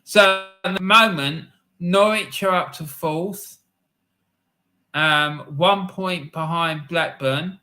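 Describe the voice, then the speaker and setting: A man's voice: on the high side, takes it slowly, sharp tone, faint music behind. A middle-aged man hosting a live football stream, chatting casually, rambling through anecdotes and laughing often.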